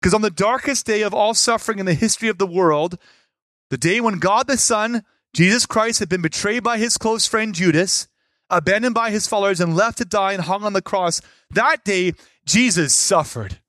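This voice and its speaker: A man preaching a sermon with a fairly high voice. He swings between forceful emphasis and hushed asides. The sound is dry and close, with no room echo. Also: normal speed. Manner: animated, shifts between loud emphasis and quiet asides. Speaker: pastor.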